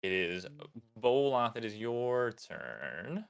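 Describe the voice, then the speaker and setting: A man narrating a tabletop game as dungeon master, halting and full of ums and restarts. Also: medium pitch, very animated, gravelly, clean tone.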